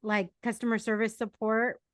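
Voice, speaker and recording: A woman from San Diego with a fairly high voice hosts a relaxed podcast chat. She asks curious questions and laughs along easily, recorded dry and close with no room echo. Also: normal speed. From San Diego, United States. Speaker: podcast host. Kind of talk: casual interview chat.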